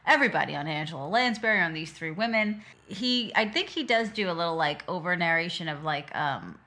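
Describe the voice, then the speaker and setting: A woman's voice: lowish voice, expressive, fairly quick, pushed and bright. A woman co-hosting a podcast, chatting casually and laughing easily as she recaps a miniseries. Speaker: podcast co-host.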